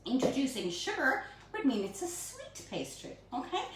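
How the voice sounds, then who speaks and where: A woman's voice: high voice, moderate pace, a little hiss or hum. Bubbly woman, echoey phone video. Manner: bubbly, chatty and animated. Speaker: home baking host. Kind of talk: live-streamed cooking demonstration. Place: home kitchen. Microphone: phone camera held by a helper at a distance. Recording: echoey room, phone mic from far off.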